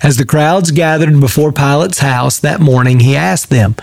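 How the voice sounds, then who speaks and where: A man's voice: on the high side, normal speed, gravelly, no echo. Earnest pastor, a man with a dry close sound. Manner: earnest, emphatic preaching. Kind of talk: daily devotional Bible teaching.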